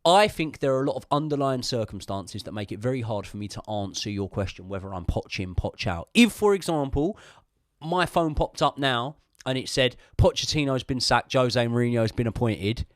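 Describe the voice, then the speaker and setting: The podcast host is a man with a mid-range voice, very animated but at normal speed, captured dry with clean studio sound in a podcast room. He chats casually and opinionatedly about football, swearing freely and going off on rambling asides.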